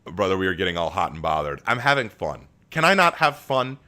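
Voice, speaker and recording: Lively, bright-voiced male streamer. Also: low-pitched, moderate pace, few pauses, clear, resonant tone. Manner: animated, joking, rambling with frequent repeats. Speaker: live streamer. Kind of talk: live stream reaction, reading chat.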